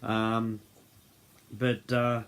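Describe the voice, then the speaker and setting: A man's voice: medium pitch, level tone, very slow, fairly bright tone, clear, resonant tone. A man hosting an unscripted livestream, rambling and often losing his train of thought. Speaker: host of a group livestream. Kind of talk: unscripted casual livestream talk.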